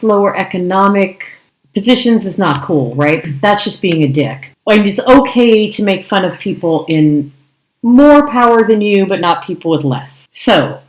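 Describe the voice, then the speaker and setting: A woman co-hosting an improv podcast, talking in a measured, thoughtful way and often checking in with "right?". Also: lowish voice. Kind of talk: casual discussion. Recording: echoey room.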